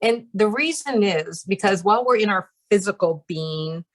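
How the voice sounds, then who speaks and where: A woman's voice: mid-range voice, expressive, normal speed. A woman leading a channeling practice group who talks in a casual, chatty way, with many fillers and light laughs.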